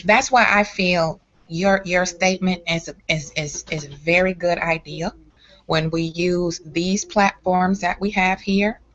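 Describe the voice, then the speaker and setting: A woman host with a lowish voice talks frankly and with energy, often repeating words to drive a point home. The sound is muffled and lo-fi, as if through a weak connection. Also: fairly even intonation, measured pace, a bit bright. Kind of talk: casual chat.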